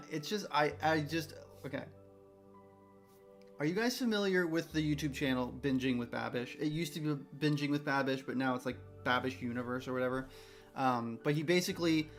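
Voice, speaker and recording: A man chatting casually to his viewers on a livestream as a game developer, rambling excitedly and restarting his sentences often. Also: on the high side.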